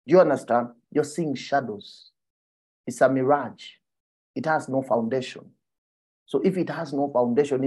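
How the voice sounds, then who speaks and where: A man preaching a sermon, often asking his listeners whether they follow him and dropping to a soft, low voice for emphasis. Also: slightly rough. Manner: animated, checks in with the listeners.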